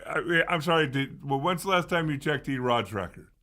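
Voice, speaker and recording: A man co-hosting sports talk radio, calmly pushing back with reasoned arguments. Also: on the high side, moderate pace. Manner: calm, reasoning pushback.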